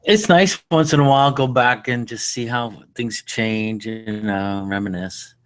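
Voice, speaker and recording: A man's voice: mid-range voice, unhurried, clear, resonant tone. A man, a guest in a casual chat, laid-back and blunt, swearing casually. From Brooklyn, New York.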